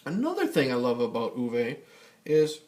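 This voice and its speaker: A man's voice: medium pitch, huge pitch swings, normal speed, a little mellow. A man vlogging a casual rant, swearing often and rambling with many fillers and restarts. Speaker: YouTube vlogger. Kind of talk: casual ranting vlog.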